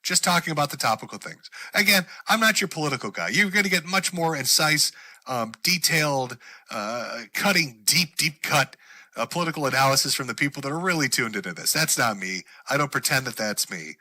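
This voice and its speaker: A man ranting on his own show, his voice very bright and cutting with a slightly raised pitch. He swears freely and slips into mockery as he builds up steam. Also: lively intonation, a little fast. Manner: heated, sweary, mocking. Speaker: show host. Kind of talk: profane political rant monologue.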